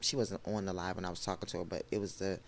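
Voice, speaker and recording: A man with a hoarse voice that has not fully recovered, recapping a reality TV episode in a chatty, gushing way with lots of asides. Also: low voice, little pitch movement, racing, a little hiss or hum. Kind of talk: casual TV recap commentary.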